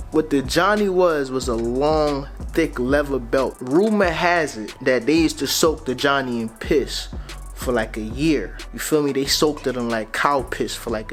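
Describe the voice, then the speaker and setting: A young man with a Grenadian Caribbean accent and a slightly high voice, recounting a story in loose, laid-back slang and asking "you feel me" often. Faint music plays under his voice. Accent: Grenadian Caribbean, mixed with American slang. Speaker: vlogger. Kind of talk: casual storytime.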